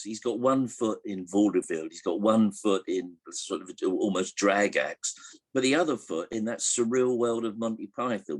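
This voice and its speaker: In a lowish, husky voice, an older interviewee tells relaxed stories about a comedian he remembers. He hesitates and starts over many times, chuckling as the jokes come out.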